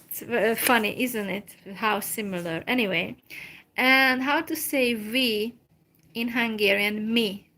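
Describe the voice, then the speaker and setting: Slow, careful woman teaching phrases. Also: mid-range voice, fairly bright tone. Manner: slow and careful, repeats phrases, many fillers. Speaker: language teacher. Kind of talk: slow informal language lesson.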